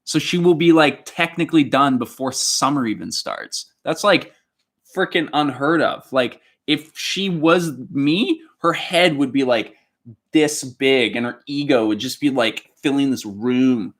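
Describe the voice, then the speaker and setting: A man's voice: medium pitch, a little slow, a bit bright. A laid-back Canadian man co-hosting a casual home livestream. He rambles loosely, stopping and restarting his sentences and filling gaps with ums and likes. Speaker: livestream co-host.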